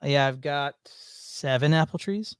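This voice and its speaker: A man's voice: on the high side, measured pace, smooth, no echo, studio quality. A man hosting a casual chat, telling rambling stories with many fillers and restarts. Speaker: podcast host.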